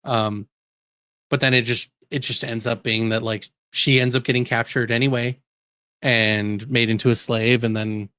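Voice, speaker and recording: A man co-hosting a podcast, recounting stories in animated casual chat. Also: medium pitch, normal speed, clean tone, no echo. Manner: animated storyteller, laughs while talking. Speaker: podcast co-host.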